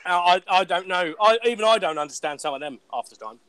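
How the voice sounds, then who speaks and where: A young man with an English accent, animated and quick to laugh, chatting casually as a guest and poking fun at his own common way of speaking. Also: high-pitched, background noise. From England. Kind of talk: casual chat.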